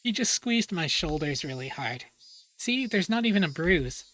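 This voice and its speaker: A woman reads a level-headed teenage boy in a near-plain, bright voice. He calms his friends down in a storybook reading. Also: on the low side, normal speed.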